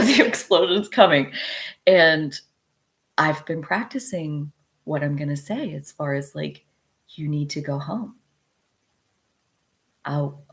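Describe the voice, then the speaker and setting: A woman hosting an astrology talk, chatting casually and frankly, often laughing and filling with "like" and "dude". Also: low voice. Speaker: astrologer host.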